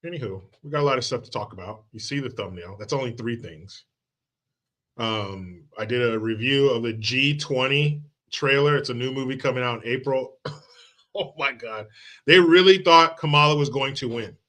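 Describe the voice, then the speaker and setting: A man's voice: mid-range voice, moderate pace, sharp tone. A man hosting a live political commentary stream, casual and profane, joking with the chat and quoting movies. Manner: loose and joking, reads chat aloud, drops into movie quotes; profane, sarcastic.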